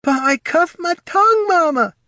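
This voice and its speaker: A man's voice: very high voice, expressive, moderate pace, sharp tone, no room sound, studio quality, voice pushed up, heavily acted. A man voicing small hungry gnoll pups who whine and plead for their mother in a storybook reading. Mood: whining. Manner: whiny, pleading.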